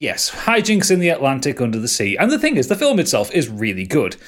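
A man's voice: mid-range voice, huge pitch swings, fast, fairly bright tone. A man chatting casually about films on a podcast, rambling with lots of fillers and restarts. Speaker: podcast host. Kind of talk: casual film discussion.

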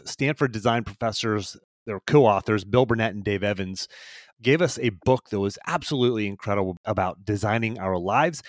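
A man, a performance coach, giving a solo motivational podcast talk in an energetic, emphatic way, repeating key phrases. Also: mid-range voice, dry recording, clean studio sound.

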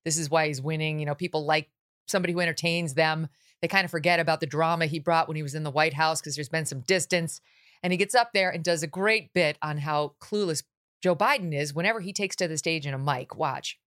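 A woman's voice: deep voice, a little fast, fairly bright tone. Sarcastic woman hosting a talk show. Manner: sarcastic, mocking impressions. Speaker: host. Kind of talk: political talk show commentary.

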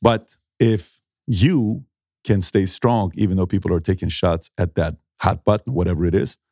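A middle-aged man, an entrepreneur, telling animated stories in a conversational interview and acting out what people said. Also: low-pitched, normal speed, no echo, clean studio sound. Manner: animated storyteller acting out quotes, emphatic.

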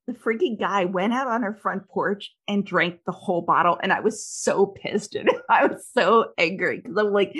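A middle-aged woman hosting a podcast, telling stories in a candid, animated way with lots of fillers. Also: medium pitch, normal speed, few pauses, breathy edge. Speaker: podcast host. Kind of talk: casual conversation.

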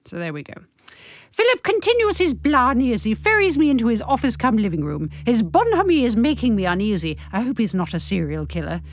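A sardonic woman reads from her own comic book, breaking off for wry, self-mocking asides. Her voice sits fairly high and bounces lively up and down. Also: fairly quick. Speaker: podcast host reading her book.

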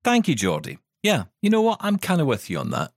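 Male podcast co-host, laughs easily, lively intonation, dry close-miked sound. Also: on the high side, fairly quick, no room sound. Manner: laughs often, opinionated and animated. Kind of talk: casual chat.

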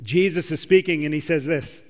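A man's voice: a little high, moderate pace, long reverb tail. A man preaching a sermon to a large church audience, talking conversationally and putting questions to the crowd. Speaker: pastor.

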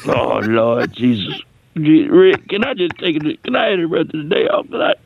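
A man's voice: a little high, very animated, normal speed, gravelly, pitched below the performer's own voice, heavily acted. A man voicing a panicky, stammering young male caller who rambles about a family emergency at home. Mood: pleading. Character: frantic young man whose great-grandmother's dentures are stuck. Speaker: comedy character caller. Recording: dry, tinny phone-line sound.

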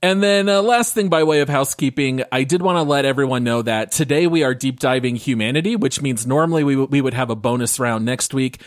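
A man hosting a casual gaming podcast, upbeat and quick to laugh as he runs through the housekeeping. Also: medium pitch, dry recording, studio quality. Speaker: podcast host.

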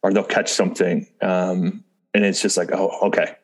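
A middle-aged man with a low-set voice talks in easy casual conversation. He rambles, doubles back on his words and laughs lightly often. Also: level tone, normal speed. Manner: rambling, self-interrupting, chuckles often. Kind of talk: casual chat.

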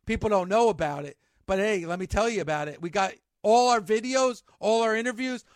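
A man hosting a wrestling podcast, talking in an excitable, animated, jokey way. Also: high-pitched, no echo, studio quality. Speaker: podcast host. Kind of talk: casual chat.

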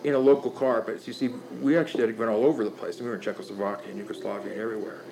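An older man telling stories in casual talk, animated and profane, often restarting his sentences. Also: lowish voice, rapid-fire, a crowd in the background, rough recording. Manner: animated, profane, laughing storyteller with many restarts. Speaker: guest storyteller.

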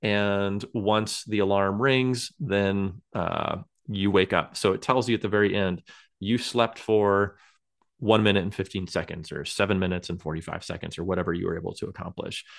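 A man's voice: low voice, steady tone, moderate pace, vocal fry. A man co-hosting a podcast, chatting casually and rambling with many fillers and small laughs. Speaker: podcast co-host. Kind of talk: casual chat.

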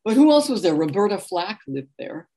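A woman from New York, a guest author telling animated anecdotes in an interview. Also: medium pitch, moderate pace. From New York, USA. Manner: animated anecdotal storytelling with laughter. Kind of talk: conversational interview storytelling.

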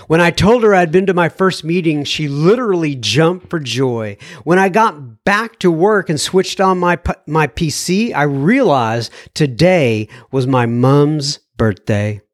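A man's voice: fairly high pitch, animated, unhurried, few pauses, no room sound, clean studio sound. A man hosting a podcast, reading listener messages aloud in a casual, chatty way, thinking aloud with fillers and self-corrections.

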